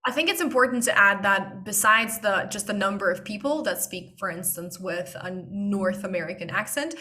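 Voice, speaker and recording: A woman's voice: mid-range voice, expressive, moderate pace, pushed and bright. A woman from Russia who works as an accent coach, a guest in a casual interview.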